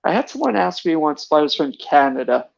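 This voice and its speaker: A man's voice: on the high side, big pitch swings, fairly quick, gravelly, dull audio. A man hosting a podcast in casual chat, hesitant and full of fillers. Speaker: podcast host.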